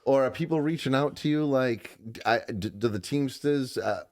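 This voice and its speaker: A man's voice: mid-range voice, moderate pace, darkish tone. A man hosting a podcast in casual chat, asking long, wandering questions that stumble and restart. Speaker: podcast host.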